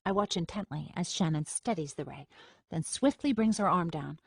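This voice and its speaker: A woman reading a first-person audiobook in a steady, measured storytelling manner. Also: fairly low pitch, gravelly, breathy edge, no room sound. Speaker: audiobook narrator. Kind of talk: scripted first-person narration. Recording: dry studio recording.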